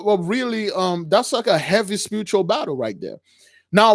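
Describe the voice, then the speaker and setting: High-pitched man preaching on a call-in show. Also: dry recording, studio quality. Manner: emphatic, repetitive, keeps addressing listeners as brothers. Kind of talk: preaching to callers.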